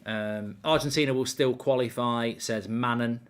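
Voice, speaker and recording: A man's voice: medium pitch, normal speed, smooth. A man hosting a live football watchalong stream, chatting casually, rambling with lots of ums and reading viewers' comments aloud.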